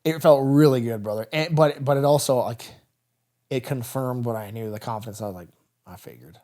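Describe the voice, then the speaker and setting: A man's voice: mid-range voice, brisk, darkish tone. A man in his thirties, a military veteran guest, telling stories in a candid, rambling, casual way on an interview podcast. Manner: candid, rambling, with frequent "brother" and "dude".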